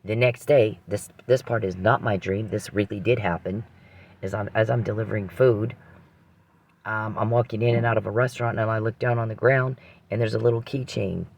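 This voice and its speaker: A man's voice: lowish voice, fairly even intonation, moderate pace, vocal fry, a little mellow. A man hosting a podcast, telling a rambling personal story with frequent restarts and religious reflection.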